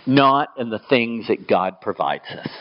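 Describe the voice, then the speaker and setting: A man's voice: very animated, measured pace, highs cut off. A man preaching a sermon, reading scripture aloud and pushing his voice up for emphasis. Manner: emphatic, rising to high pitch on quoted scripture. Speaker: pastor.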